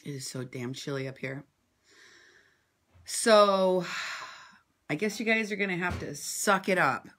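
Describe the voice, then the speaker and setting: A woman journalist giving impassioned commentary in response to viewer comments, assertive and sarcastic, swinging between loud outbursts and low asides. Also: a little slow, pauses often. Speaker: independent journalist and vlogger.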